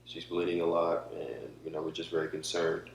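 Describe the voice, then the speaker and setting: A young man chatting calmly and supportively beside his partner. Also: low-pitched, normal speed. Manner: calm, supportive, brief agreements. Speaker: vlogger, partner. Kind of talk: casual chat. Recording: echoey room, a bit far from the mic.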